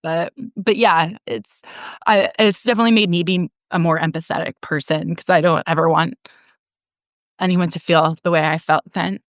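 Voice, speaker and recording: A woman in her forties, guesting on a podcast, frankly shares her own story, laughing often and swearing casually. Her voice is lowish with fairly even intonation and a moderate pace. The studio sound is clean, with no room sound.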